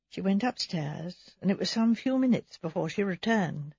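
A woman reads a mystery audiobook in a measured, quiet way with a slightly husky voice. The recording is dry and close, with a dull, lo-fi edge. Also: fairly low pitch, animated, dry recording. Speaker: audiobook narrator. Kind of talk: scripted audiobook narration.

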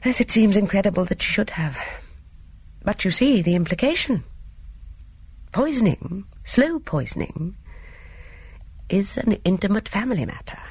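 A woman voicing a grave, cautious middle-aged man in an audiobook, speaking in a measured, grim way. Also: mid-range voice, very animated, darkish tone, slightly rough, dry recording, pitched above the performer's own voice. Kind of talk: audiobook character voice.

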